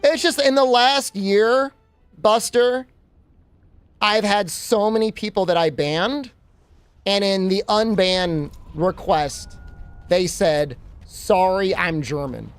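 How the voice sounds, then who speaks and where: A man's voice: high voice, slow pace, clear, resonant tone, soft background music. A man streaming a game, rambling and joking with his chat in a casual way. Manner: rambling, joking, talks to chat while playing.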